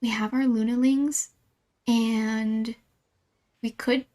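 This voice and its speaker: Giggly high-voiced woman streaming a game. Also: animated, unhurried, long pauses, a little hiss or hum. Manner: giggly, playful, easily flustered. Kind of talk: casual live-stream chat with viewers.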